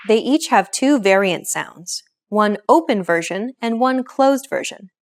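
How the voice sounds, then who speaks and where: A woman hosting a language lesson, explaining pronunciation in clear, encouraging scripted narration. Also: fairly high pitch.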